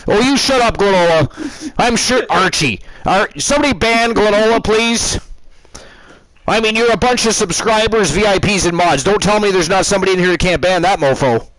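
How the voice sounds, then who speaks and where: A man's voice: high-pitched, normal speed, fairly bright tone, dry recording, poor audio. A man with a Canadian accent hosting and commenting on a game stream, with theatrical mock outrage.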